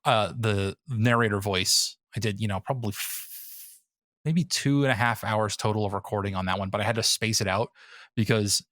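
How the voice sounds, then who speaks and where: A podcast host chats casually in a voice on the low side, with a steady, fairly bright tone at normal speed. He rambles with lots of fillers and laughs often. The recording is dry with clean studio sound.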